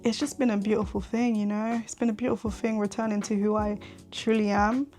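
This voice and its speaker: A woman's voice: medium pitch, flat delivery, fairly quick, a little mellow, soft background music. A young woman in her twenties hosting a faith podcast, speaking earnestly and candidly and often repeating herself for emphasis. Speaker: podcast host.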